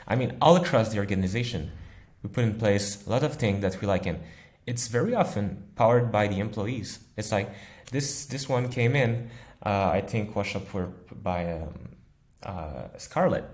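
Man, low voice, software engineer, thoughtful, laughs easily, casual interview. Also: normal speed.

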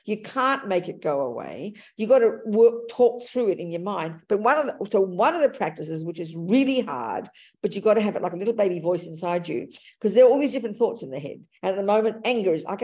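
A woman's voice: mid-range voice, a little mellow. Woman dharma teacher, blunt but tender with endearments, middle-range voice. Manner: frank and affectionate, calls people darling and sweetie. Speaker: Buddhist teacher. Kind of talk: dharma talk answering audience questions.

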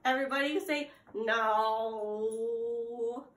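A young woman leads preschool circle time, reading a story slowly and melodically while gasping dramatically and asking the children questions. Her voice is on the high side and fairly bright, with fairly even intonation, recorded in an echoey room.

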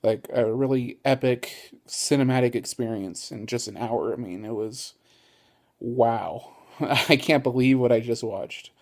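A man's voice: mid-range voice, a little slow. A man chatting casually to camera as a vlogger, easygoing and rambling with many ums and uhs. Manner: excitable, gushing. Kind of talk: casual vlog chat.

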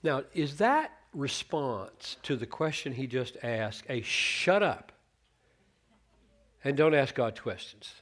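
Slow, earnest preacher man. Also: medium pitch. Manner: earnest and animated, quoting scripture with shifts in emphasis. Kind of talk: sermon teaching on scripture.

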